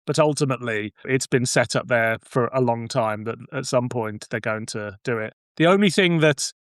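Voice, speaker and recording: A man, a podcast guest, chatting in a thoughtful, measured way. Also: mid-range voice, no room sound, clean studio sound. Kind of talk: casual podcast chat.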